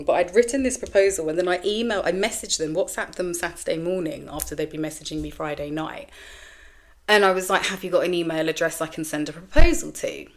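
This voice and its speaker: A middle-aged woman telling a candid story as a podcast host, animated and sweary, acting out quoted voices. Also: on the low side. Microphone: camera with mic, solo recording.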